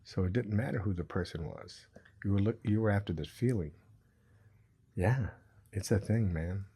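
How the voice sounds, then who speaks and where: A middle-aged man talking about recovery as a podcast guest, earnest and reflective with a dry sense of humor, in a husky voice. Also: lowish voice, normal speed, mellow. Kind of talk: reflective conversation.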